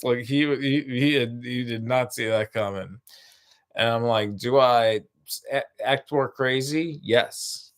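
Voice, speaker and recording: A man telling a rambling, profane stand-up story, full of restarts and asides. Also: lowish voice. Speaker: stand-up comedian.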